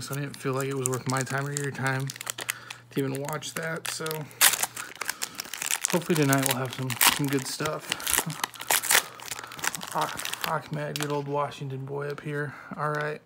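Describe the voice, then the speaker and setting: A man hosting a home card-opening video, reading off player names one by one with quick offhand remarks in a soft-spoken way. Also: mid-range voice, vocal fry, heavy background noise. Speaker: card-opening channel host. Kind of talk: casual card-opening commentary.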